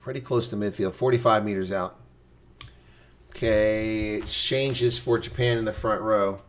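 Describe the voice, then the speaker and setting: A man giving live reaction play-by-play commentary, excitable and blunt, his voice climbing sharply during big plays. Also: on the low side, measured pace, a little hiss or hum. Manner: blunt and opinionated.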